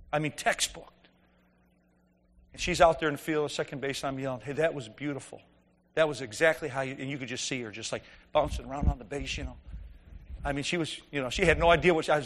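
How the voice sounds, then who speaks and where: A man's voice: medium pitch, a bit bright, in a large hall. A man preaching a conversational sermon, telling stories and asking the congregation rhetorical questions.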